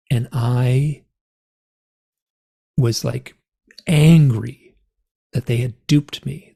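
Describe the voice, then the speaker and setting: A man's voice: medium pitch, vocal fry, a little mellow, husky. A man, an interview guest, telling a personal story in conversation and acting out the remembered dialogue with big swings in his voice.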